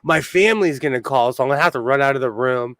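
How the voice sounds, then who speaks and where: A man's voice: medium pitch, fast talker, fairly bright tone, dry recording, clean studio sound. Chatty man hosting a sewing stream. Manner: chatty, laughs often, answers chat. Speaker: sewing livestream host. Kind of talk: casual live-stream chat.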